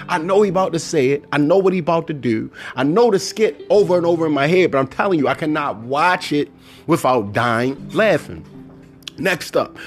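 A middle-aged man hosting a casual solo podcast, talking animatedly and acting out movie lines. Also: a little high. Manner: animated, quotes movie lines in put-on voices. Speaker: podcast host.

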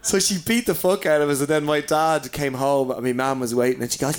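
A man's voice: on the high side, moderate pace, slight background noise. A man in his forties, a comedian, telling crude childhood stories in casual chat, swearing freely, laughing and mimicking his parents. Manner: swearing, laughing storyteller who mimics people.

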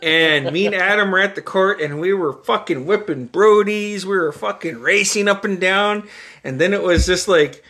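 Bright-voiced man telling a profane story. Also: sits high, moderate pace. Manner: animated, profane storytelling with acted quotes. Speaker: podcast host. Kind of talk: casual storytelling chat.

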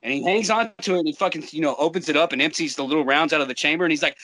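A young American man casually telling a profane, animated war-buddy story, laughing often. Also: a little high, very fast, hardly any pauses, no room sound, low-quality recording.

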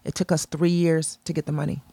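A woman's voice: fast, husky, dry recording. A woman telling a story in casual chat, acting out the people she quotes with a lifted voice. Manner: animated storyteller, acts out quotes in a higher voice. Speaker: entrepreneur guest.

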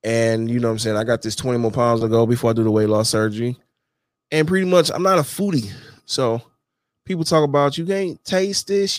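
A man's voice: medium pitch, no echo. Guy vlogging, slangy casual talk, keeps saying you know what im saying, dry close sound. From Detroit, USA. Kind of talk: casual monologue to camera.

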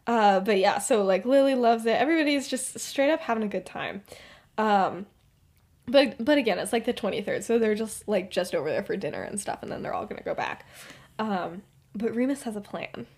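A woman's voice: mid-range voice, animated, fairly quick, a little mellow. A woman co-hosting a podcast, retelling a story in a rambling, casual way full of fillers. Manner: rambling, filler-heavy, often laughing. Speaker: podcast co-host.

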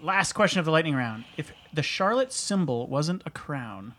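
A man co-hosting a podcast, upbeat and quick to laugh as he runs a question round. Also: a little high, very animated, a bit bright. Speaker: podcast co-host. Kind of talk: casual podcast interview.

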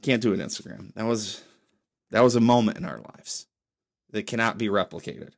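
A man's voice: moderate pace, gravelly. A young adult man hosting his own podcast, rambling casually and swearing freely while sipping beer. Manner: rambling, profane, lively pitch swings. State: drinking beer while recording. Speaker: podcast host. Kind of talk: casual solo podcast monologue.

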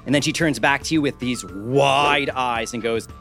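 A man narrating a tabletop game as game master, playful and animated. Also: medium pitch, normal speed, soft background music.

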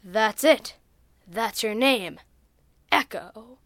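A woman's voice: on the high side, lively intonation, a bit bright, dry recording, clean studio sound, exaggerated voice. A woman voicing a brash, eager young male space hero who jokes and acts on impulse. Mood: playful. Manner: eager, impulsive, quick to joke.

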